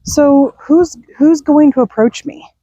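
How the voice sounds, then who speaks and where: A woman's voice: high voice, takes it slowly, dark tone, dry recording, dull audio. A middle-aged woman chatting casually while walking her dog outdoors at night, laughing and sighing often. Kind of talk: casual walk-and-talk chat.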